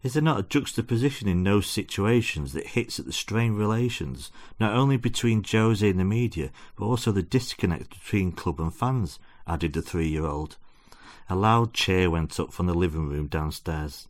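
Deep-voiced man reading a comic story. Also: normal speed. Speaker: guest reader.

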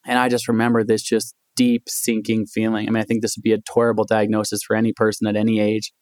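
A man talks fast and with energy. He acts out the people in his story as he tells it. The recording is dry and close. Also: fairly low pitch, no echo. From United States. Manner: animated storyteller, acts out quoted voices. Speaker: guest, endurance athlete and author. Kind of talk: storytelling in a podcast interview.

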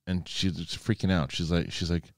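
A man's voice: low-pitched, fairly even intonation, fairly quick, no room sound, studio quality. A middle-aged man co-hosting a show, joking in loose, profane casual chat. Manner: profane, joking, riffs into mock voices. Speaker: podcast co-host.

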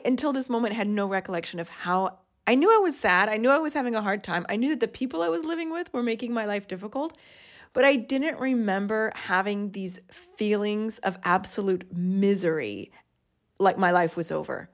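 A woman's voice: mid-range voice, lively intonation, moderate pace. Woman reading her old journal. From United States. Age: 40s. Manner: earnest, self-mocking, laughs at her younger self. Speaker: podcast host. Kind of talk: reading old journal entries aloud with commentary.

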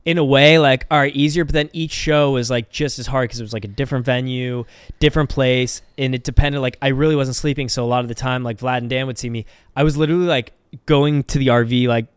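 A man's voice: medium pitch, fairly even intonation, fast, clean tone, no echo. A young man guesting on an interview, telling stories in a rambling, candid way full of fillers. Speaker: musician guest. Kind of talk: casual interview storytelling.

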